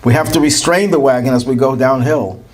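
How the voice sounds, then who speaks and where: A man's voice: mid-range voice, brisk, pitched above the performer's own voice, lightly acted. A man voicing an anxious wagon driver who urgently pleads with his passenger. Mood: pleading.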